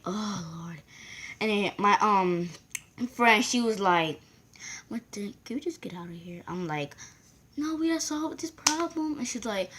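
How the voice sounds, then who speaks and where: A woman's voice: mid-range voice, a bit bright, slight background noise. A woman vlogger rambling through a casual storytime, acting out the voices of the people in it. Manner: rambling, acts out quoted voices.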